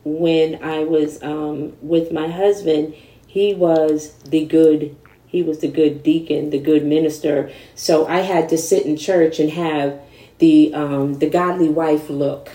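A woman's voice: low-pitched, slow, echoey room, distant mic, rough recording. A woman, a guest in a candid conversation, telling her story animatedly and acting out the people in it. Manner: animated, acts out quoted voices.

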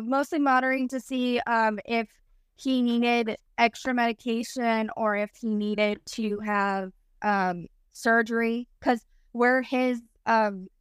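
A woman's voice: on the high side, clean tone, no room sound, studio quality. A woman in her thirties telling a personal story as a podcast guest, rambling and full of "like". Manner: rambling, heavy use of "like". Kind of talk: casual storytelling.

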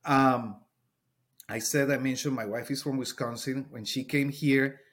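Colombian-accented man, husky voice. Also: medium pitch, steady tone, measured pace, fairly bright tone. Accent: Colombian Spanish. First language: Spanish. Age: middle-aged. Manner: earnest, explanatory, repeats words while searching for them. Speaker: teacher. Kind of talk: interview conversation.

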